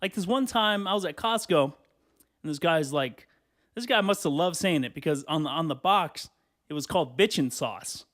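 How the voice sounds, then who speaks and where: A man in his twenties ranting on his own podcast, swearing freely in animated casual talk. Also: fairly high pitch, moderate pace. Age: 20s. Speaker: podcast host. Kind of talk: solo podcast rant.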